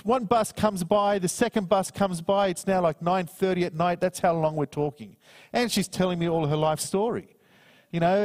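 A man's voice: high-pitched, a little mellow, long reverb tail. A middle-aged man preaching a sermon, earnestly reading scripture and telling a personal story. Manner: earnest, slows down to read scripture. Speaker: minister.

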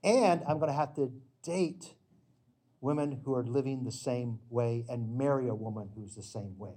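Middle-aged guy preaching, kinda breathy raspy tone, earnest, punches up the loud bits. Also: medium pitch, normal speed. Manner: earnest, emphatic storytelling with sudden loud bursts. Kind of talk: sermon with slides.

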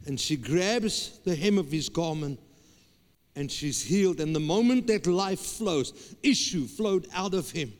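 A man's voice: on the high side, lively intonation, measured pace. A man, a pastor preaching a sermon with emphatic repetition and stammered restarts. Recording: long hall reverb.

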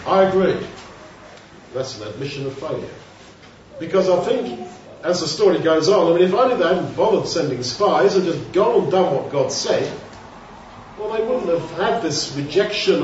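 A man's voice: high-pitched, lively intonation, moderate pace, a little mellow, a little hiss or hum. A man preaching a sermon in a conversational way, asking rhetorical questions and acting out quoted voices. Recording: very echoey hall, distant mic, dull sound.

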